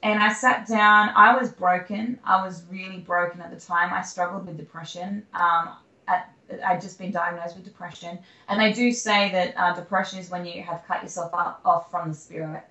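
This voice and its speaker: A woman's voice: on the low side, steady tone, normal speed, sharp tone. A young Australian woman telling her personal story candidly as an interview guest, rambling with fillers and restarts. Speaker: guest, singer-songwriter. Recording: echoey room.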